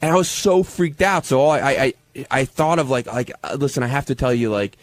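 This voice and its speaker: A man telling a story on a radio talk show, halting and stammering as he goes. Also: medium pitch. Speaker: show staffer.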